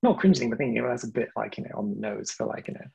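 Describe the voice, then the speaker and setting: A man's voice: mid-range voice, expressive, racing, gravelly, warm tone, breathy edge, muffled recording. A man in casual podcast chat, rambling and hedging, laughing often between thoughts. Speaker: podcast guest.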